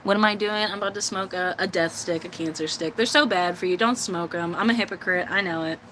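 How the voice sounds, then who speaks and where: A woman's voice: lowish voice, brisk, fairly bright tone. Chatty American woman streaming outdoors on a noisy phone. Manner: chatty, laughs often, baby-talks to her cats. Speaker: live streamer. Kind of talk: casual live-stream chat. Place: outdoor cat enclosure.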